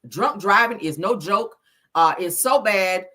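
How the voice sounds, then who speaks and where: Bright-voiced woman dishing gossip. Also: medium pitch, expressive, unhurried. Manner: loud, laughing, slangy and teasing. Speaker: show host. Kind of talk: casual gossip commentary.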